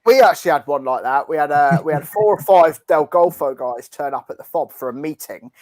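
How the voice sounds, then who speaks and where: Podcast host, cheeky banter, slightly high voice, dry close mic. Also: male voice, expressive, fairly quick, no echo. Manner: bantering, laughs often, swears. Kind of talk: casual chat.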